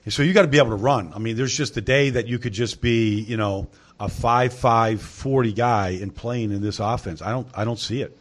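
A man at an everyday middle pitch explaining football tactics in a relaxed sports talk segment. He talks at length, often pausing to say "I mean" before the next point. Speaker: football analyst. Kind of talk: casual sports discussion.

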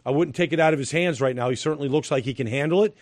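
A man's voice: a little high, very fast, no room sound. A middle-aged man giving football analysis as a studio guest, talking emphatically with repeated phrases and fillers. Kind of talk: studio sports analysis chat.

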